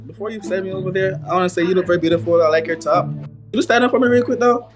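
A man's voice: high voice, very fast. A man on a blind date call, talking in a flirty, put-on Jamaican accent. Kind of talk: casual chat on a call. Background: music under the talk.

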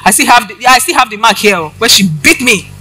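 A woman's voice: a little high, expressive, quick pace, bright, forceful tone, slightly rough, faint music behind, low-quality recording. A woman preaching, giving a personal testimony and addressing the congregation directly with questions.

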